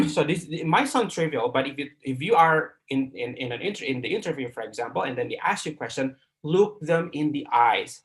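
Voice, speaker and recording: Middle-aged Indonesian-accented male instructor, slightly high voice, casual filler-laden lecturing. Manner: filler-heavy, repeats words, keeps asking "right?". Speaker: English class instructor. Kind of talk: live online lecture.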